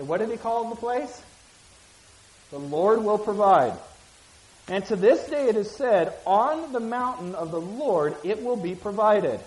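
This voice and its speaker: A woman leads a casual Bible teaching and reads scripture with small acted voices. Her pitch swings in a lively way as she explains and quizzes her listeners. The recording is roomy, with a faint hiss behind her. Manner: asks listeners questions and repeats key phrases. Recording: echoey room with hiss.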